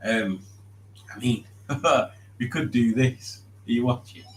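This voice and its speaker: A man's voice: medium pitch, steady tone, takes it slowly. A man hosting a live stream, reading chat aloud in a chatty, jokey way and laughing often. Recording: roomy echo.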